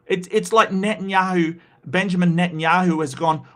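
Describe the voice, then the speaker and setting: A man's voice: high voice, steady tone, moderate pace, hardly any pauses. An Australian man hosting a livestream, giving an impassioned, casual rant with frequent restarts and repeated words. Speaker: livestream host.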